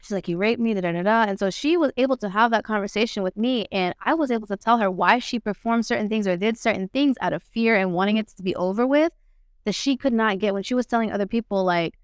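Woman guest on a podcast, blunt and swears a lot, smooth clear voice, dry close mic. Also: medium pitch, quick pace, no room sound. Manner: blunt, profane, animated retelling. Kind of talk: candid conversational storytelling.

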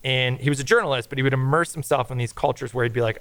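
A middle-aged man talking as a podcast guest, telling animated stories in casual chat and swearing freely. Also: mid-range voice, racing, no room sound.

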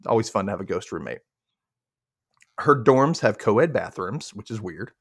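This man's voice sits fairly low with a breathy edge, moving at a moderate pace in a dry, studio-quality recording. He's a young podcast host from Mississippi, animatedly recapping a show in casual conversation, laughing often and voicing the characters himself.

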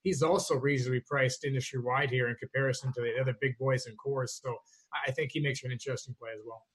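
A man giving a quick, confident rundown of fantasy baseball picks as a co-host. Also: medium pitch, steady tone. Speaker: co-host analyst. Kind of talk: fantasy baseball strategy chat.

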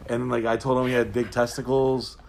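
A man's voice: medium pitch, brisk, vocal fry, slight background noise. A man being interviewed, telling long, rambling, profane stories in a casual way. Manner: profane, rambling, animated storyteller. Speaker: interview guest. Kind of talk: casual storytelling.

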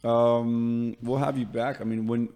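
Man, podcast host, gravelly voice, relaxed chatty talk, long echo. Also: medium pitch, measured pace. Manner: relaxed, chatty, repeats words while thinking. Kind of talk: casual interview chat. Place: studio room in Queens, New York. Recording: long reverb.

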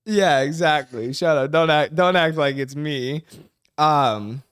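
A man's voice: a little high, takes it slowly, a bit bright, smooth, dry recording, studio quality. A young man hosting a casual chat with his wife, rambling and laughing a lot. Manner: giggly, rambling, lots of "like". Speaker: podcast host.

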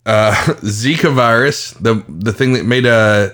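A man's voice: fairly low pitch, a little slow, a bit bright. A man co-hosting a podcast in casual chat, crude and profane, cracking mocking jokes. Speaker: podcast co-host.

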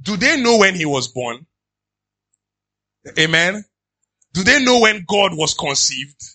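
A man preaching a sermon as pastor, reading scripture aloud and breaking into lively asides. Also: high voice, slow pace. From Nigeria. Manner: animated preaching, reads scripture then riffs with asides and laughs.

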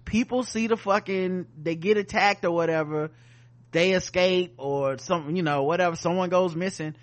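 A man co-hosting a podcast, casually reviewing a TV episode with loose, profane, animated retelling of the scenes. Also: sits high, normal speed. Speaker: podcast co-host.

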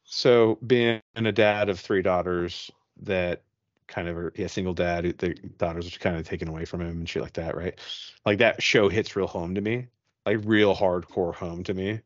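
A man's voice: low-pitched, moderate pace, no room sound, lo-fi sound. A man on a podcast casually telling a ghost story, profane and rambling, acting out his own reactions. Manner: profane, rambling, animated retelling.

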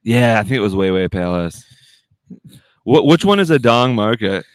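A man's voice: on the low side, lively intonation, normal speed, no room sound. A man co-hosting a podcast, telling rambling stories in crude, swear-filled banter. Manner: swears a lot, rambling storytelling. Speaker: podcast co-host.

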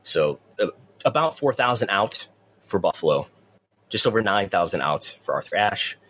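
A man's voice: lowish voice, very animated, normal speed, sharp tone, rough recording. A man hosting a casual wrestling news show, often stumbling and repeating words as he starts his sentences. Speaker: wrestling podcast host.

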